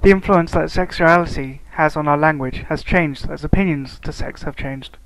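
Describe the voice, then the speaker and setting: A man narrating a scripted lesson on language variation, reading steadily and slowing down to spell out example words. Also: fairly high pitch, a bit bright, no room sound, low-quality recording. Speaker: student narrator.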